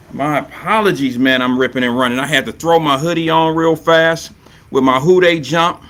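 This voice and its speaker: A man's voice: fairly high pitch, moderate pace, a bit bright, a little hiss or hum. A man hosting a live stream talk show, chatting loosely with viewers and reading their comments, playful and prone to repeating his catchphrases.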